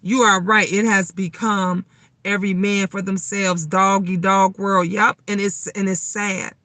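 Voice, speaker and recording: A middle-aged woman telling stories in a casual live chat. She is emphatic, swears freely, and gets louder and higher when riled up. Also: little pitch movement, unhurried, no room sound. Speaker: live stream host.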